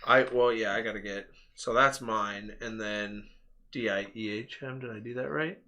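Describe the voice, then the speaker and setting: A man's voice: lowish voice, steady tone, normal speed, sharp tone. A man hosting a live stream, chatting casually and rambling through anecdotes with lots of fillers and laughter. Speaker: stream host.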